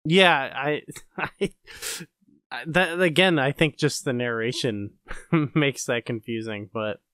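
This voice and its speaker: Podcast dude, smooth clear voice, laughs a lot, mostly just agreeing. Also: male voice, mid-range voice, takes it slowly, sharp tone. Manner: laughing often, short agreeing replies. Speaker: podcast co-host. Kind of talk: casual chat.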